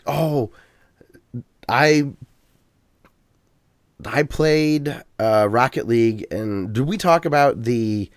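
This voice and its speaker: A man's voice: lowish voice, clean tone, no room sound. Easygoing male podcast host, dry sound. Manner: easygoing, halting, with frequent restarts. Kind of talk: casual gaming podcast chat.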